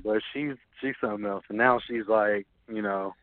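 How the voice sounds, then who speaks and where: Animated man on a tinny phone line. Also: lowish voice, moderate pace, dry recording. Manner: animated, laughing storyteller who swears freely. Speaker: podcast guest, snake keeper. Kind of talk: casual storytelling chat.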